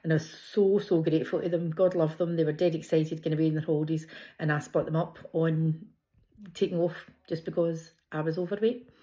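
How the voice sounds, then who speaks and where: A middle-aged Scottish woman with a broad Glasgow accent, talking straight to camera in a relaxed, chatty vlog. Her voice sits low for a woman, and she tells her stories with easy laughter. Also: brisk. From Scotland. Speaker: vlogger. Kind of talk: casual personal vlog.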